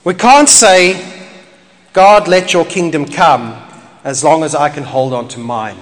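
A man preaching a sermon as pastor, animated and emphatic with playful asides. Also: fairly high pitch, measured pace. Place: church hall. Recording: echoey hall, faint ambience.

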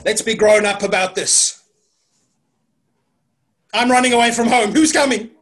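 A woman doing defiant young boy, loud, raised pitch, storybook telling. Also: a little slow, close to an everyday voice. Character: bold young boy declaring he'll run away.

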